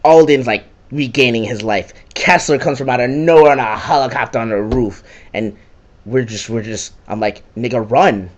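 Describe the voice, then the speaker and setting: A man's voice: medium pitch, normal speed. A young man giving a casual, profane and sarcastic rant recapping a video game.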